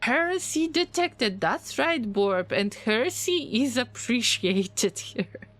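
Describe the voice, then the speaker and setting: In a laid-back live-stream chat while gaming, a woman playfully teases her audience and fires back jokes at their messages. She has a mid-range, animated voice with a slightly bright quality, delivered slowly.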